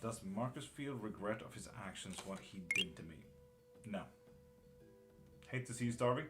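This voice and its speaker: Low-voiced man doing a casual tarot stream. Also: lively intonation, normal speed, over loud music. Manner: casual and blunt, swears, greets viewers by name. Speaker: live tarot reader. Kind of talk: casual live-stream chat.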